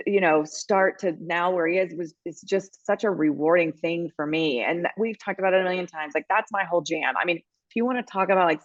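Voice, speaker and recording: A middle-aged woman talks in a casual podcast chat, rambling and emotional, with restarts. Her voice sits a little low for a woman. The sound is dry and a bit dull. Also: no echo. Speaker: podcast co-host and baseball team reporter.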